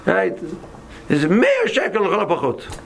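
A man with a strongly gravelly, creaky voice that sits a little high for a man. He tells a story to his class with animation, acting out each voice, and he often stops and restarts his sentences. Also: brisk, slight background noise. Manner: animated, acts out dialogue, frequent restarts. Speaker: Torah teacher.

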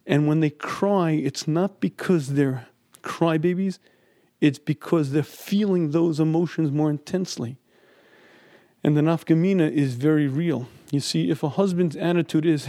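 A man's voice: on the high side, measured pace, dark tone, dry recording, clean studio sound. Emphatic middle-aged man teaching Talmud. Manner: emphatic, acts out quoted speech. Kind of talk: lecture on Talmud and marriage.

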